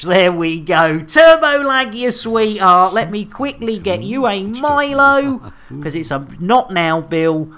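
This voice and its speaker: A woman hosting a live game stream, bawdy and giggly, getting flustered and stammering as she reads out shout-outs. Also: mid-range voice, animated, slow.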